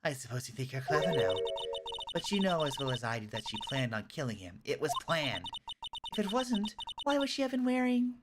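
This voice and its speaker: A woman voicing a pushy, vain female lunch vendor witness in a sassy, indignant manner, over loud game music. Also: sits low, sing-song, fairly quick.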